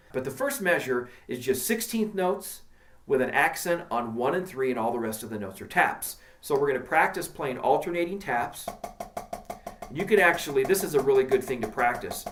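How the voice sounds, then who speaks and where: A man's voice: medium pitch, fairly bright tone, roomy sound. A man teaching a drumming lesson in a direct, encouraging way, counting strokes aloud as he plays. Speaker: drum teacher. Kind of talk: instructional video lesson.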